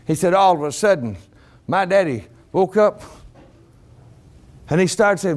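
A man's voice: a little high, lively intonation, measured pace, pauses often. A male preacher telling a story fervently in a revival sermon, repeating himself for weight.

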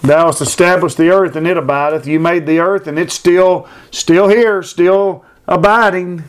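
A man's voice: high-pitched, fairly even intonation, normal speed, smooth. A man preaching a sermon, building fervent repeated phrases and reading scripture aloud. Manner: fervent, repetitive emphatic preaching.

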